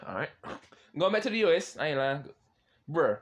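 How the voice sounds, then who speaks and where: A young man casually chatting with strangers on a video chat app, swearing and loudly reacting. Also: on the high side, big pitch swings, normal speed. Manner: slangy, swears often, loud exclaiming reactions and laughs.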